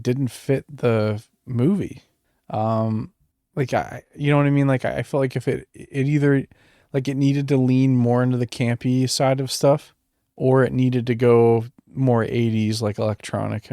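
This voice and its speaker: A man's voice: medium pitch, mellow, no room sound, studio quality. A man co-hosting a casual movie review podcast, talking hesitantly with many fillers and restarts. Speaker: podcast co-host.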